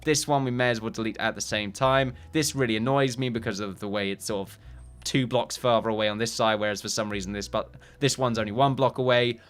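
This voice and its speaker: A man's voice: medium pitch, fairly even intonation, fairly quick, clear, resonant tone. A man hosting a let's play, rambling and joking at his own expense in casual commentary. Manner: rambling, self-mocking, jokey. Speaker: gaming channel host.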